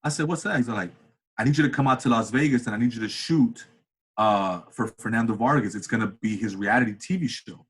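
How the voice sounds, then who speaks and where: Casual male interview guest, 30s, husky, animated storyteller who does voices. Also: brisk. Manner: animated, acts out quoted voices with big pitch jumps. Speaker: interview guest, comedian and cinematographer.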